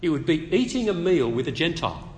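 A man preaching an expository sermon at a public meeting, conversational and animated, with touches of light humor. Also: fairly high pitch, fast talker. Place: meeting hall. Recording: long reverb of a meeting hall.

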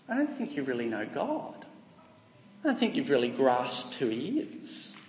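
A man with an Australian accent preaching a sermon in an earnest, emphatic way, asking rhetorical questions. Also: a little high. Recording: echoey hall with long reverb.

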